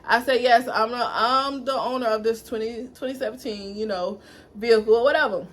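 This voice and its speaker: Animated young woman telling a story. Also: on the high side, fairly quick. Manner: animated, dramatic storytelling addressed to viewers. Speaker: vlogger. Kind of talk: storytime vlog.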